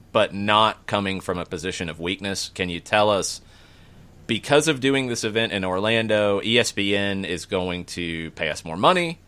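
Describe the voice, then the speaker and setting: A man with a lowish, fairly bright voice hosts a sports podcast, working through topics in a questioning, analytical way. It's casual sports talk.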